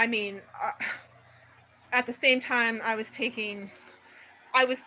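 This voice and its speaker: A woman's voice: fairly high pitch, sharp tone, slight background noise, low-quality recording. A woman vlogger in a rambling spiritual monologue to camera, swearing a lot and talking intensely, with many restarts and fillers.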